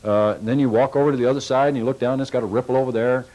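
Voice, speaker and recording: A man's voice: medium pitch, steady tone, racing, dark tone, low-quality recording. A man giving a sales training talk to car salespeople, folksy and coaching, acting out little customer exchanges as he goes.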